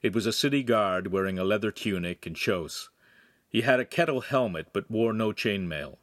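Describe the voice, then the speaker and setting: A man reading a young adult novel aloud in calm, scripted narration. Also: fairly low pitch, normal speed, dry recording, clean studio sound. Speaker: audiobook reader.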